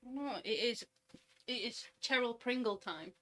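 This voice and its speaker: A woman's voice: a little high, animated, a little slow, fairly bright tone, slight background noise. A woman with a Yorkshire accent, chatting and teasing her partner on a casual live stream.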